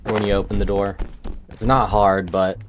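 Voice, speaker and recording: A man's voice: lowish voice, level tone, moderate pace, a little hiss or hum. A man casually thinking aloud as he plays a survival game. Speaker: gameplay streamer. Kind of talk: let's-play commentary. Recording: game music underneath.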